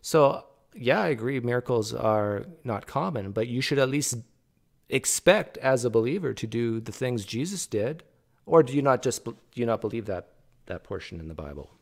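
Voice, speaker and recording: A man's voice: mid-range voice, animated, moderate pace, vocal fry. A man with an ordinary mid-range voice comments casually on a video he is watching. He argues point by point and talks straight back to the speaker on screen, challenging him by name. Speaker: video host reacting to clips.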